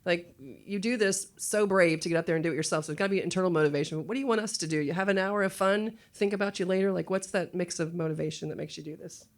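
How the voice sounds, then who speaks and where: A woman's voice: on the low side, quick pace, hardly any pauses. A woman from the audience asking a long, eager, rambling question. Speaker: audience member.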